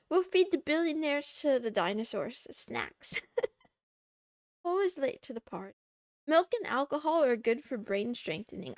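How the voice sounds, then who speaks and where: Bubbly high-pitched woman vtuber rambling to chat, giggly, dry close mic. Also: dry recording. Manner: giggly, self-mocking, reads chat aloud. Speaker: VTuber streamer. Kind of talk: casual live-stream chat.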